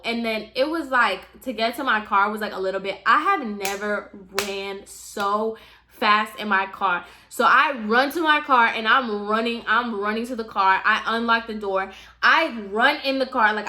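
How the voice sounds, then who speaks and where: A woman vlogger tells a story in a casual, chatty way, full of "like" and direct asides to her viewers. Her voice sits a little high and sounds bright and forceful. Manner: chatty, heavy use of "like", addresses viewers directly.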